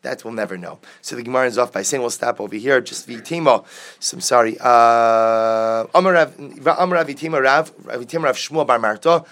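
A man's voice: mid-range voice, brisk, fairly bright tone. Man teaching a Talmud class. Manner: reads Aramaic text then explains it, with repeated rhetorical questions.

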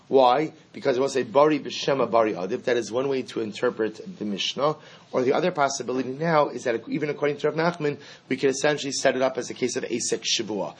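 A man teaching a Talmud lesson, explaining the case in an emphatic, animated way and acting out both sides of the dispute. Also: mid-range voice, husky. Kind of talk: Talmud lecture.

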